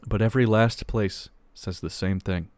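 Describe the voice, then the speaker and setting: A man's voice: on the low side, steady tone, moderate pace, a little mellow, dry recording. A young man co-hosting a podcast, reading a long joke aloud in casual chat, laughing as he goes and swearing casually. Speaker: podcast co-host.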